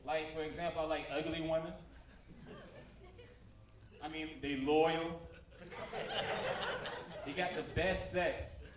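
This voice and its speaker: A young man doing a stand-up comedy set on a theater stage, telling stories in a casual, slangy way and switching quickly into voices. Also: a little high, flat delivery, noisy background. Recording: echoey theater from far off. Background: audience and room ambience.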